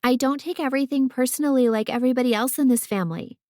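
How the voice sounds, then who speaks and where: A woman's voice: sits high, sing-song, moderate pace, no echo, clean studio sound, voice pushed up. A woman reading an audiobook, voicing a bold, precocious young girl who talks in a cheeky, matter-of-fact way. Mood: blunt.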